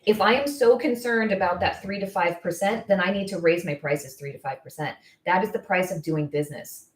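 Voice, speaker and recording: A woman coaching estheticians on business in casual live-stream talk, blunt, candid and quick to get fired up. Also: on the low side, reverberant. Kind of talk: casual live-stream advice, answering viewer comments.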